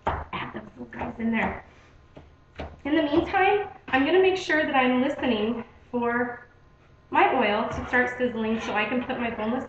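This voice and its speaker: A woman's voice: fairly high pitch, background noise. A young adult woman hosting a casual home cooking demonstration in her kitchen, chatty and friendly, saying "okay?" and "guys" a lot. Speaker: cooking video host. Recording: echoey, dull home video recording.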